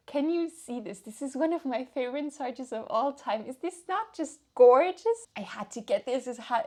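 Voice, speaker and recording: Chatty, enthusiastic woman book vlogger. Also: fairly high pitch. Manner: enthusiastic, chatty, with frequent self-corrections. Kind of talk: casual book review chat.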